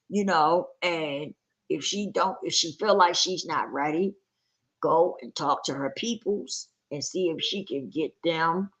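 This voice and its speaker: A woman's voice: low voice, fairly bright tone. A woman vlogger talking candidly and emphatically to her viewers in casual chat, swearing freely.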